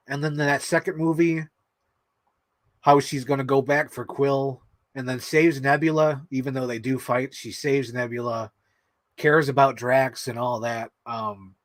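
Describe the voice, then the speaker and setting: A man's voice: mid-range voice, a bit bright, no room sound. Emotional, rambling man with a dry, close sound. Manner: rambling and emotional, filler-heavy, laughing often. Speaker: vlog host. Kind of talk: casual chat.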